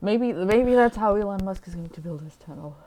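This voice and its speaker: A woman in a relaxed podcast chat with a very expressive, swooping pitch. She jumps in often, teasing and riffing on what the others say. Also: low-quality recording. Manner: teasing, quick to interrupt and riff. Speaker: podcast co-host. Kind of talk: casual chat.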